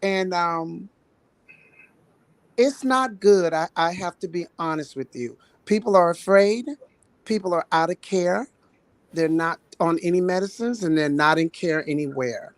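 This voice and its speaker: A woman's voice: lowish voice, unhurried, dry recording. Earnest woman nurse on a dry call. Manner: earnest, storytelling, voices quoted people. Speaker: health outreach nurse. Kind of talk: guest on a talk show. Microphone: video call.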